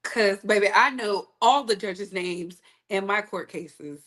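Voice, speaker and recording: A woman's voice: mid-range voice, slow, fairly bright tone. A woman hosting a live-stream gossip commentary, sassy and blunt, talking straight to her viewers. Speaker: online commentary host.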